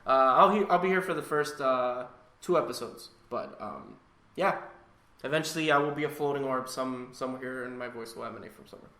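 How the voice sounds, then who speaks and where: A man's voice: mid-range voice, brisk, bright, forceful tone, echoey room. A man co-hosting a casual film podcast, joking and swearing as he talks. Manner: joking, swears, laughs often. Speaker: podcast co-host. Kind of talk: casual chat.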